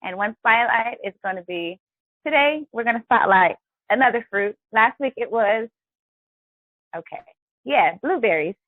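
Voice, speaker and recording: A woman with a fairly high, animated voice hosts a live health and wellness show, talking at a measured pace with frequent pauses and a slightly bright tone. Chatty and encouraging, she keeps the upbeat live stream going and often calls viewers guys; the audio is poor with no room sound.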